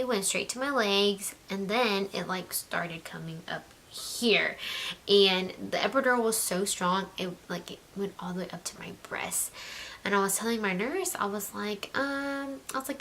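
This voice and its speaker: A young woman telling a personal story in a chatty vlog style, full of "like" fillers and slipping into a soft whisper. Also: mid-range voice, moderate pace, a little hiss or hum. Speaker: vlogger.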